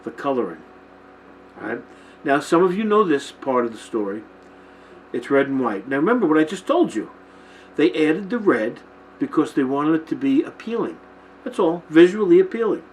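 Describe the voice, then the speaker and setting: Speaking at a moderate pace, this Christian teaching show host has a voice on the high side with big pitch swings. He films himself on a camera mic, and the low-quality recording carries slight background noise as he talks informally about the Bible to camera, frequently checking in with his listeners.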